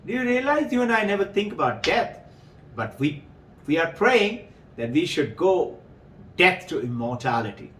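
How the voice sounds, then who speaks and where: A man's voice: high-pitched, moderate pace. A man giving a storytelling talk as a spiritual teacher to devotees. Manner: storytelling, animated, chuckling. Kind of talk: sermon to devotees. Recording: roomy, distant mic.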